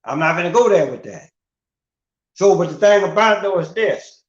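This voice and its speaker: A man's voice: sits high, expressive, moderate pace. A middle-aged man in a casual, profane rant as a livestream host, asking rhetorical questions with emphasis. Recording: roomy, dull lo-fi sound.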